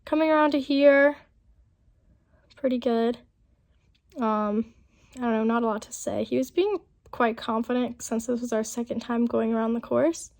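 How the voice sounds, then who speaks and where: A young woman narrating a casual vlog voiceover, chatty and rambling with lots of fillers, her voice rough from a lingering illness. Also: a little high, normal speed, pauses often, a little mellow. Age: young adult. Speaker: vlogger. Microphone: voiceover mic.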